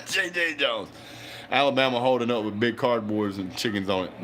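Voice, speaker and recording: A man's voice: mid-range voice, normal speed, sharp tone, slight background noise. A man hosting a live football reaction stream, chatting with viewers and hollering at the plays.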